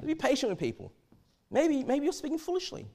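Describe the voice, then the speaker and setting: A man preaching a verse-by-verse sermon, animated and often repeating and restarting his words. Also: extremely high pitch, brisk. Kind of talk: expository sermon.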